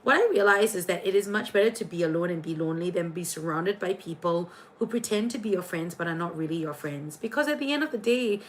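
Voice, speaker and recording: A woman's voice: lowish voice, expressive, quick pace, few pauses, a little hiss or hum. A young Singaporean woman with a Singaporean accent, hosting a casual livestream from her room as a tarot reader. She talks in a gushing, chatty way, full of fillers and restarts.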